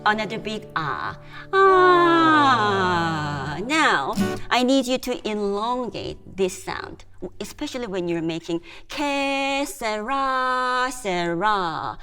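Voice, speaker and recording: A woman music therapist gently guiding a group through breathing and voice exercises, with encouraging praise. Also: fairly high pitch, expressive, slow.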